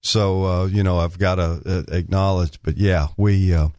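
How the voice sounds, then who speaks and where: Older Southern-state man, very low voice, dry studio sound, folksy fill-in radio host who rambles. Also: level tone, normal speed, mellow, no echo. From Arkansas. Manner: rambling, folksy, many filler words. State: slightly out of breath. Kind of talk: casual talk radio.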